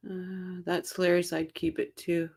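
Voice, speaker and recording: A woman's voice: on the low side, little pitch movement, measured pace, vocal fry, a little mellow, husky. A woman from Ontario hosting a casual livestream, chatting with viewers by name and laughing often. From Canada, Ontario. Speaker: livestream host reading viewer chat.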